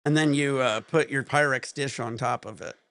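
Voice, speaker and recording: A man's voice: mid-range voice, normal speed, a bit bright, dry recording, studio quality. A man, hosting a casual livestream, rambling and laughing often. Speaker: livestream host.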